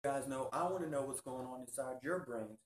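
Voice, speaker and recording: A man hosting a casual TV review vlog, talking excitably and peppering his speech with "freaking.". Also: mid-range voice, a little fast. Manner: excitable, keeps saying "freaking". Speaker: YouTube reviewer. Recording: roomy echo.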